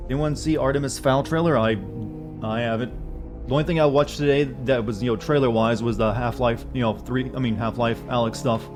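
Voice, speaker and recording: A man's voice: medium pitch, fairly even intonation, fairly quick, over music. Rambling, profane male game streamer. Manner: rambling, profane, answers chat messages. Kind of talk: casual chat while streaming a game.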